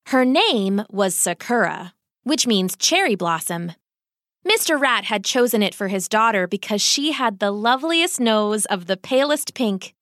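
A woman reading a children's storybook aloud in an expressive, gentle way. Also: mid-range voice, no room sound, studio quality.

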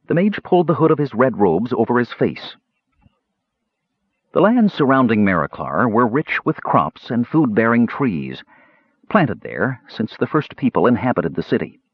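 A man reading a fantasy audiobook with expressive, dramatic narration. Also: medium pitch, normal speed, breathy edge, dry recording, muffled recording.

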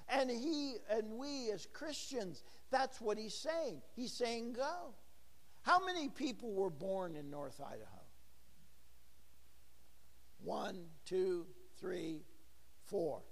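A man's voice: high voice, expressive, takes it slowly, pauses often, fairly bright tone, big-room sound. A middle-aged man preaching a sermon in a church, talking with the congregation and asking them questions. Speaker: pastor.

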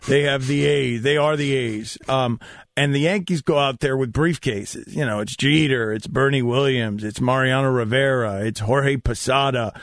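A man hosting sports talk radio, an animated storyteller who acts out quoted lines. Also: medium pitch, moderate pace, no echo.

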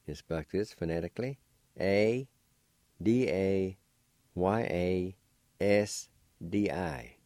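A man hosting a radio language lesson, spelling out words syllable by syllable in a slow, deliberate way. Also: deep voice, warm tone, no room sound. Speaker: language teacher and radio host.

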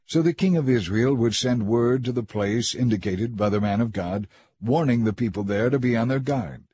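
Husky man reading scripture aloud. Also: mid-range voice, moderate pace, warm tone. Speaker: audiobook reader.

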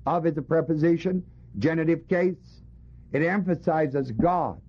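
A man with a fairly high voice preaches unhurriedly, teaching his congregation from a Bible passage. He's emphatic and fond of rhetorical questions, and the sermon comes through as a dull lo-fi recording.

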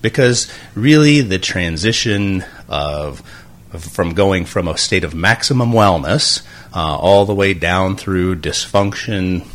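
A man's voice: deep voice, lively intonation, takes it slowly, a bit bright. A man, a doctor and co-host, explaining health topics in casual talk with many fillers and restarts.

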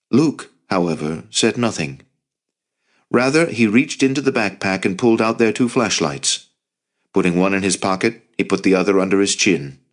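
A man narrating an audiobook in a measured storytelling manner. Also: sits low. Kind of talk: scripted narration.

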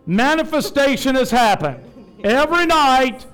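A high-voiced man leads a church revival. He preaches fervently, then drops to gentle asides and prayer. Faint music plays in the sanctuary behind him. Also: lively intonation, unhurried. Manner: fervent, swings from loud preaching to soft personal asides. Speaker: pastor leading a revival service. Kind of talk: revival sermon and altar prayer.

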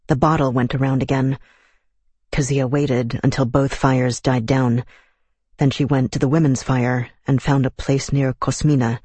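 A man reading a novel aloud as narrator, in a measured, even storytelling manner, close to the mic. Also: medium pitch, breathy edge, dry recording. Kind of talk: scripted audiobook narration.

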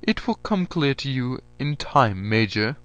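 A man reading a story aloud, voicing a stern military general who barks orders loudly in a raised, higher voice. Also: sing-song, unhurried. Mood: commanding. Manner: barking orders.

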